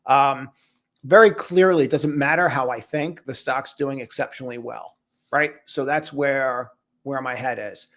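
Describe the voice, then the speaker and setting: A man's voice: medium pitch, unhurried, fairly bright tone. Casual chatty man on a live stream. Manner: loose and chatty, calls viewers brother and buddy. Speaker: trading coach hosting a live stream.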